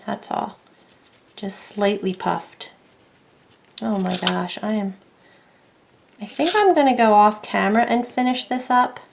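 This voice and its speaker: Slow, chatty woman crafting at home. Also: medium pitch. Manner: chatty, thinks aloud while working, self-deprecating. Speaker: craft tutorial host. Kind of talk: casual craft tutorial narration.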